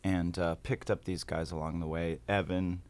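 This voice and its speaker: A man with a deep voice sits in as a musician guest on a radio show. He talks in a laid-back way and answers with dry humor. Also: level tone, normal speed, a little mellow. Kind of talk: casual radio interview.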